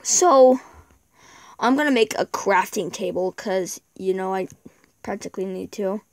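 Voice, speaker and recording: A woman's voice: medium pitch, measured pace, no echo. A woman giving casual gameplay commentary, chatting to herself as she plays. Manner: chatty, talks to herself while playing. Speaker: gameplay video maker.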